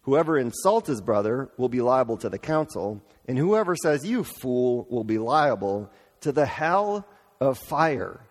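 A man gives a relaxed, conversational sermon at a middle pitch. He talks informally and acts out quotes with playful energy. His voice rings out with a long, echoing reverb. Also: unhurried. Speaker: pastor.

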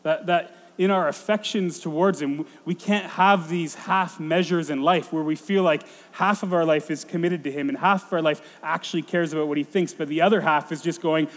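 A man in his thirties preaching a sermon, thinking aloud in a halting way with frequent restarts. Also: fairly high pitch, fairly even intonation. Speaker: pastor. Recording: long hall reverb.

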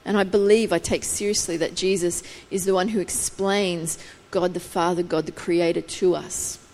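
A woman's voice: lowish voice, steady tone, moderate pace, a little mellow. A woman preaching a sermon, explaining scripture thoughtfully and building intensity as she goes. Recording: long reverb of a hall.

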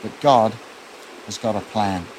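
A man preaching a sermon as pastor, telling the story in an earnest, quietly intense way. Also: fairly low pitch, unhurried, slight background noise.

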